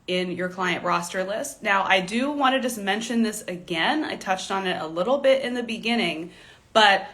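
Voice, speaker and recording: A young woman in fashion styling teaches on a casual livestream at a normal pace, her mid-range voice expressive and fairly bright. Chatty and frank, she laughs often and uses "like" as filler, coughing now and then from a throat tickle.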